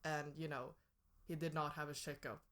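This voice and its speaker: A woman's voice: deep voice, steady tone, normal speed, a bit bright. A young woman co-hosting a podcast in casual chat, playful and joking. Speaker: podcast co-host.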